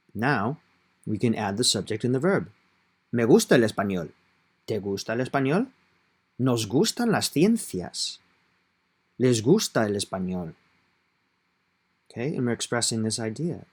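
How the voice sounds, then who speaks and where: A man teaching a Spanish grammar lesson, explaining patiently and step by step, stressing key points. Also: mid-range voice.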